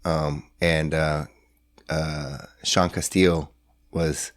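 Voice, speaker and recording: A middle-aged man from San Antonio with a deep, low voice tells a story in loose, casual talk. He rambles, trips over restarts and jumps into other people's voices. The sound is dry and close. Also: little pitch movement, takes it slowly, no room sound. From San Antonio, Texas. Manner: rambling, lots of fillers and restarts, acts out dialogue. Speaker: podcast guest. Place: hotel room.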